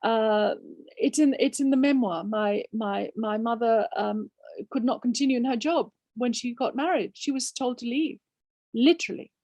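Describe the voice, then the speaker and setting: An older woman author from Spain speaks with a fairly high voice. She answers questions emphatically, restarting often and firing off rhetorical questions. The recording is dry, with no room sound. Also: moderate pace, a little mellow, no echo. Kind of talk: conversational Q&A.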